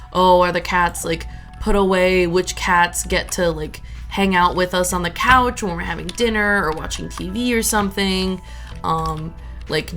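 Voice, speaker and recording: A woman's voice: on the low side, fairly bright tone. A young adult woman streaming a farming game, chatting casually in a rambling way with lots of fillers.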